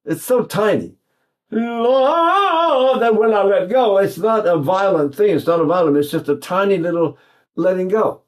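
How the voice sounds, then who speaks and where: Older Texan-raised voice teacher, rambling. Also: male voice, high voice, animated, unhurried. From East Texas. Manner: rambling, folksy, many restarts and fillers. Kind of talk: singing lesson with sung demonstrations.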